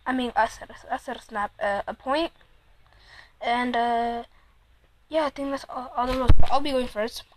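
High-pitched woman doing casual game commentary at home, hyped up, cursing, teasing her friend. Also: low-quality recording. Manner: excitable, swears a lot, teases the other player. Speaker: player and commentator. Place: room at home, Android phone game.

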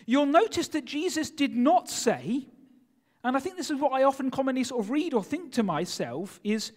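A man preaching a sermon in a church, speaking in an animated way and putting rhetorical questions to his listeners. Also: very high-pitched, moderate pace. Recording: long church hall reverb.

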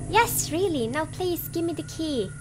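A woman's voice: very high voice, animated, measured pace, background noise, pitched above the performer's own voice. Woman reading as an earnest little girl. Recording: game music underneath.

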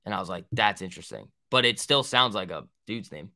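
A man's voice: fairly low pitch, animated, fairly quick, pushed and bright. A young man hosting a trading livestream, answering viewer questions in a rambling, profane, joking way. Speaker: stock trading livestream host.

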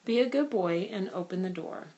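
A woman's voice: medium pitch, animated, normal speed, mellow, highs cut off, lightly acted. A woman reading as a chatty, joking middle-aged man. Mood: teasing. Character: friendly middle-aged man driver, teasing.

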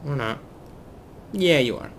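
A man hosting a let's play, commentating excitedly to himself as he flies, at a desk mic at home. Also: medium pitch, a little slow, a little hiss or hum. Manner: excitable, talks to himself while flying. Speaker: gaming video host.

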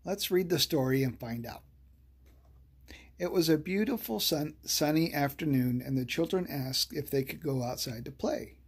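A storyteller reading a children's bedtime story aloud, slow and soothing. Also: medium pitch, breathy edge.

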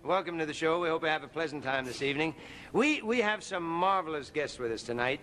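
A man hosting a 1960s variety show, briskly and graciously welcoming the audience and introducing guests. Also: fairly high pitch, expressive. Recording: loud studio audience applause.

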